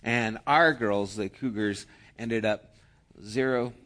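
Slow-preaching man with loud cheering bursts. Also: fairly low pitch. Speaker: pastor. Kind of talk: sermon.

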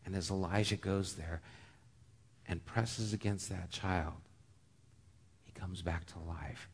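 A man preaching a sermon, telling a story with lively shifts, often dropping to a hushed voice. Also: low voice, takes it slowly, vocal fry, husky. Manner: animated storytelling, dropping to a hush. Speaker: pastor. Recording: long hall reverb.

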